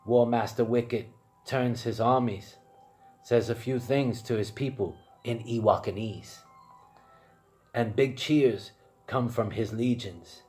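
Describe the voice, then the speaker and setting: A man's voice: mid-range voice, slow, darkish tone, soft background music. A man narrating his own improvised fan role-play story as channel host, rambling and correcting himself as he goes.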